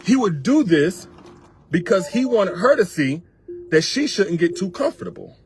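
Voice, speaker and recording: A man's voice: high voice, big pitch swings, moderate pace. A man working as a relationship coach, giving emphatic, repetitive, colloquial advice straight to his viewers. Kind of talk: direct advice monologue to viewers.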